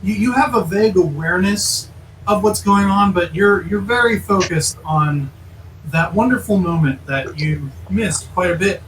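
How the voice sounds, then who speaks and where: A man's voice: high voice, moderate pace, fairly bright tone. A man narrating as game master for a tabletop game, often restarting his phrases. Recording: echoey room, mic far off, faint noise.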